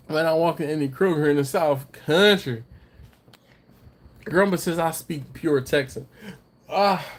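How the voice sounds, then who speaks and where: A man hosting a casual livestream, rambling and teasing while reading out viewer comments, a little tipsy from drinking. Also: on the high side. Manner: rambling, laughs often, teasing. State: has been drinking. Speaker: livestream host. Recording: faint background noise.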